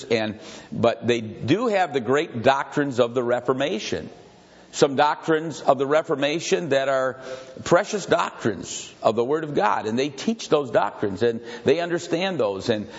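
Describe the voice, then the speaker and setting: An older male pastor from Michigan gives a loose, conversational sermon, circling back on himself and breaking off into side stories. His voice sits in a middle register and carries a long reverb tail from a large hall. The recording itself sounds a little dull and muffled. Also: medium pitch. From Grand Rapids, Michigan. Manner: rambling, digressive, repeats himself, chuckles. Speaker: pastor leading a Bible study. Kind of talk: conversational sermon with questions to the congregation.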